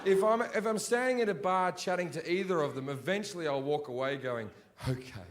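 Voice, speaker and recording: A man's voice: high-pitched, brisk. A male stand-up comedian doing a blunt, profane, sardonic set on a live stage. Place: live comedy venue before an audience.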